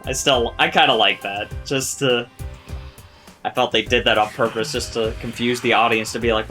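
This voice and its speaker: A man's voice: lowish voice, fairly even intonation, brisk, sharp tone. A young man casually reacting to a show episode, swearing often and laughing a lot. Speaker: reaction video host. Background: episode audio with music.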